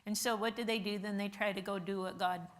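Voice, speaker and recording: A woman's voice: mid-range voice, steady tone, quick pace. A woman teaching an informal Bible class, chatty with many fillers and rhetorical questions. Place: church classroom.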